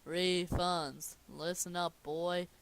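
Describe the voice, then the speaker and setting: A young man reading the lines of a gruff, greedy, middle-aged male crab restaurant owner in a blustery voice. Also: fairly high pitch, fairly even intonation, normal speed, a bit bright. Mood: bossy.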